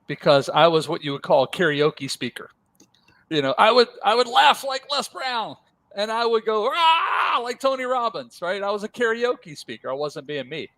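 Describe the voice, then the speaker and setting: A man's voice: sits high, very animated, moderate pace, fairly bright tone, no room sound. A man from Pennsylvania, a motivational speaking coach, talking energetically as a podcast guest and calling the host brother. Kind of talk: podcast interview.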